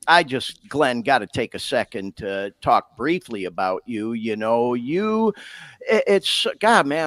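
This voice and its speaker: A man's voice: medium pitch, dry recording, studio quality. A middle-aged man from Detroit hosting a live podcast, talking in a casual, emotional way and often saying "y'all" and "man.". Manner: animated, emotional, calls listeners "y'all" and "man". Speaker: podcast host. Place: home studio in Sacramento.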